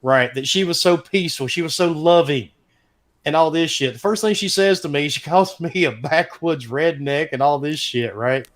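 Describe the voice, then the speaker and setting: A middle-aged man, casually telling a profane, animated story as a podcast host. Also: on the high side, moderate pace. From American South.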